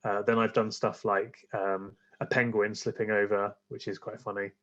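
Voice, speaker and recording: A man's voice: on the low side, little pitch movement, moderate pace, fairly bright tone, highs cut off. A man, a guest on a podcast, chatting casually and rambling with many fillers and restarts. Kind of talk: casual interview chat.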